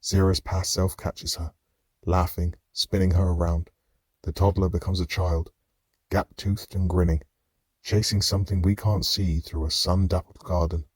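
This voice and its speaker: A man narrating a dark fantasy audiobook in the first person, measured and somber. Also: sits low, level tone, husky, dry recording, studio quality.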